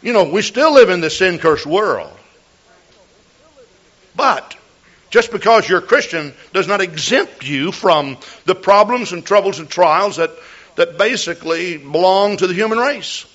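A man's voice: high voice, expressive, measured pace, a bit bright. An older man preaching a sermon as a pastor, telling a folksy story with repeated words and restarts. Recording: dull lo-fi recording.

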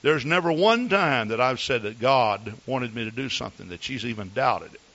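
A man's voice: medium pitch, lively intonation, normal speed, fairly bright tone, lo-fi sound. A man preaching as a pastor, telling folksy, earnest stories about his wife to his congregation. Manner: folksy, storytelling, earnest asides. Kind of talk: sermon with personal stories.

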